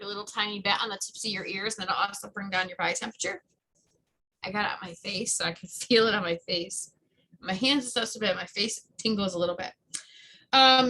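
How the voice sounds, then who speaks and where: A woman's voice: mid-range voice, pushed and bright, a little hiss or hum, low-quality recording. A woman casually explaining product uses in a chatty way, often tripping over words and correcting herself. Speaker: essential oils presenter. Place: her room at home.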